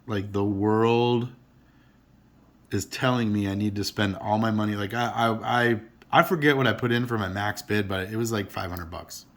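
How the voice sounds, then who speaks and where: A man's voice: fairly low pitch, fairly quick, hardly any pauses, a bit bright. Rambling earnest middle-aged man. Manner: rambling, earnest, restarts often. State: emotional, teary. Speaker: card collector vlogger. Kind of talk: casual chat to camera.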